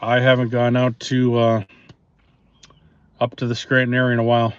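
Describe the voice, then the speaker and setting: A man chatting casually with viewers on a live stream, relaxed and rambling, with many pauses and fillers, recorded on a phone outdoors. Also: mid-range voice, smooth, no echo. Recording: dull lo-fi phone audio, faint noise.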